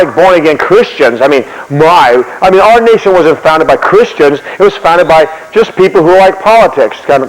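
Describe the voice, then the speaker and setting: A man delivers a sermon built on history stories, animated and often restarting his words. His voice sits a little high. A long hall reverb trails every phrase. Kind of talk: sermon-style history storytelling.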